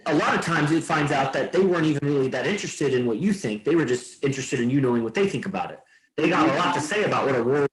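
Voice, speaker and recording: A man's voice: a little high, lively intonation, quick pace. A man hosting a podcast, talking loosely and meandering, swearing now and then. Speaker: podcast host. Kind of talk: casual rambling chat. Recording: roomy echo.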